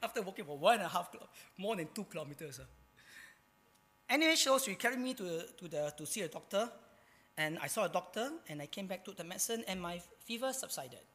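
A preacher with a Singaporean English accent delivers a sermon in a bright, forceful voice. The preacher is emphatic and keeps posing rhetorical questions before answering them. A long reverb trails each phrase, as in a large hall. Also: mid-range voice, expressive, quick pace. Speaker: pastor.

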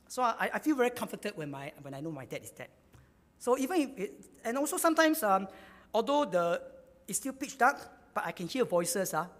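A man's voice: high voice, fairly bright tone. Man, sermon, repeats phrases for emphasis, reverberant hall. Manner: repeats key phrases for emphasis, sometimes rising in energy. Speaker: preacher.

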